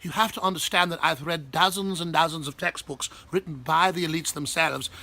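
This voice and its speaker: A man's voice: high-pitched, bright, forceful tone, full character voice. A man putting on a pompous English accent to play a haughty, lecturing intellectual. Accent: put-on English. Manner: lecturing, haughty, mock-refined.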